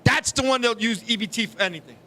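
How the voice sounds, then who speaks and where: A middle-aged man hosting a live talk show, telling stories in a loud, profane, animated way. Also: very high-pitched, fast. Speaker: show host. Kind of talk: live casual chat.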